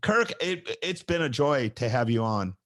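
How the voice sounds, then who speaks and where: A man's voice: mid-range voice, measured pace. Chatty male podcast host. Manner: animated storyteller who acts out quoted lines. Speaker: podcast host and gymnastics coach. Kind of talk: casual chat.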